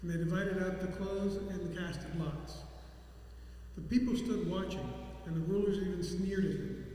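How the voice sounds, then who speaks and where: A man reading scripture aloud in a church service, halting and restarting now and then. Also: sits high, fairly even intonation, warm tone, very echoey, in a large hall. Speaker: scripture reader.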